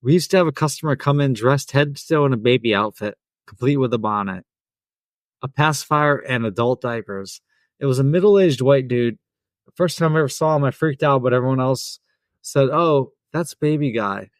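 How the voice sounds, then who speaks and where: A man's voice: mid-range voice, moderate pace, dry recording, studio quality. A man co-hosting a podcast, reading out customer stories and joking crudely. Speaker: podcast co-host. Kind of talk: casual chat and impressions.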